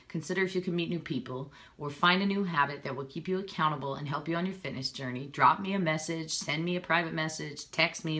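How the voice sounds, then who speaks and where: A woman's voice: deep voice, a bit bright. A woman in her thirties, a fitness coach talking casually and earnestly on a live video, persuasive and a little emotional. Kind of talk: casual live-stream talk to viewers. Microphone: phone or webcam, live video.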